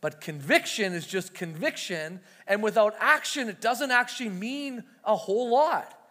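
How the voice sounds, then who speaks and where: A man delivers a sermon in a relaxed, conversational way, now and then acting out quoted voices. His voice sits high for a man. The sound carries a long hall reverb, as from a church sanctuary. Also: moderate pace. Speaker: pastor.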